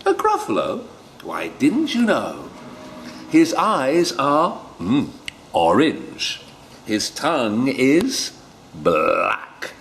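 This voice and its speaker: A man's voice: medium pitch, huge pitch swings, drawn-out words, vocal fry, fairly bright tone, a little hiss or hum, voice pushed up, heavily acted. A man voicing a clever little brown mouse in a picture book, with a chirpy, teasing delivery. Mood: cheeky.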